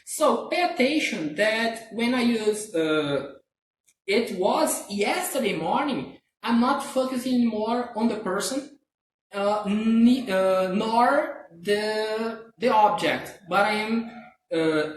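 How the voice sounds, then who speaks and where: A Brazilian man teaches English grammar in a live online class, patiently checking again and again that students understand. His voice is high and expressive, and he speaks slowly. The audio sounds roomy and distant from the mic, with a faint hiss.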